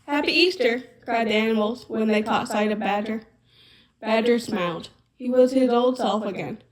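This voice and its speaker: A woman giving a soft-spoken ASMR reading of a children's storybook in a gentle, even manner. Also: on the high side, moderate pace, rough recording.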